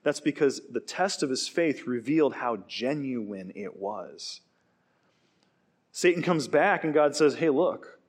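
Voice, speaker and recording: A man preaching a sermon, telling stories in an animated way and acting out quoted lines. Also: medium pitch, a little slow. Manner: animated storytelling with acted quotes. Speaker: pastor.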